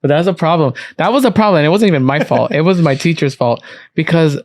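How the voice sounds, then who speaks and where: A young man co-hosting a podcast, telling a story in relaxed casual chat. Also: a little high, fast, dry recording, clean studio sound. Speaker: podcast co-host.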